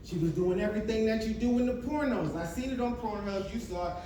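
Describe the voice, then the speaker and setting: A man's voice: sits high, a little fast, warm tone. A man in his thirties doing a brash, profane stand-up set on a club stage, telling stories with asides to the crowd. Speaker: stand-up comedian. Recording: echoey club from a distance with noise.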